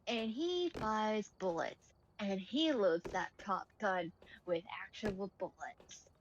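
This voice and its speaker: A woman streamer chatting casually, retelling a film plot with lively storytelling and acted-out quotes. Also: mid-range voice, takes it slowly. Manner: animated storyteller, acting out quoted lines. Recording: dull lo-fi mic with faint noise.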